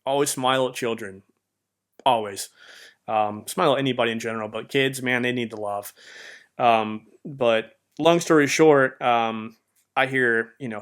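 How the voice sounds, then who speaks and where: A man's voice: mid-range voice, steady tone, normal speed, fairly bright tone. Man in mid register, loose heartfelt storyteller for a faith podcast, leans on fillers. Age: adult with a marriage behind him. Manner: rambling, heartfelt, heavy use of fillers like "man" and "you know". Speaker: podcast host. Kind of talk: personal faith testimony, casual storytelling.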